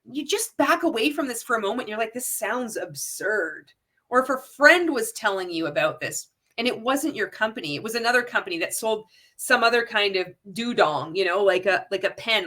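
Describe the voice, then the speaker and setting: A woman's voice: a little high, expressive, fairly quick, few pauses, sharp tone. A woman talking straight to her viewers in a casual commentary, firing off rhetorical questions and often restarting her sentences. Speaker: anti-MLM video creator. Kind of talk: casual direct-to-camera commentary.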